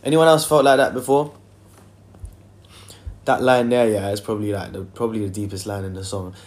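A man's voice: fairly low pitch, steady tone, brisk. Chatty young man on a livestream. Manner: loose and chatty, many fillers, sings softly in between. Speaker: singer hosting a livestream. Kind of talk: casual livestream chat, reading comments.

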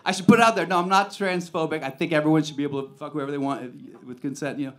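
A male comedian works a club stage with a handheld mic, talking brashly and swearing freely. His speaking voice sits a little higher than most men's. It is a punchy stand-up delivery. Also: steady tone, fast.

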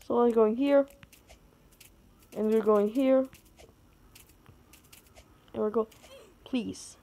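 Slow-talking, excitable female gamer. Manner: excitable, with sudden high outbursts. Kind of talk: gameplay commentary.

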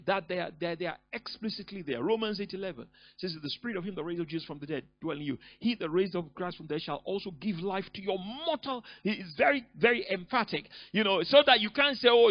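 A man preaching a sermon as pastor, emphatic, often rising into loud bursts. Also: a little high. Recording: dull lo-fi recording.

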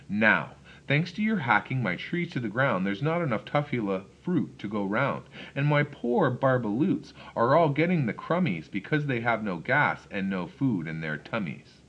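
A man's voice: medium pitch, highs cut off. A man voicing a small, grumpy old male forest guardian who scolds in indignant rhymes.

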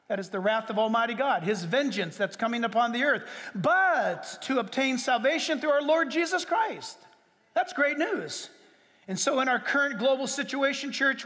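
A man preaching a sermon as pastor to his church, emphatic, with sudden leaps in pitch and long drawn-out words. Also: bright, forceful tone. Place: church sanctuary. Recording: reverberant hall.

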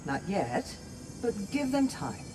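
An actress voicing a calm, diplomatic grown woman warrior in a video game. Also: medium pitch, slow, a little hiss or hum, low-quality recording. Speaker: game character. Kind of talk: game dialogue.

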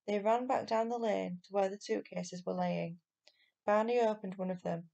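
A woman teacher reading a children's novel aloud in steady, clear storytelling. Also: medium pitch, normal speed.

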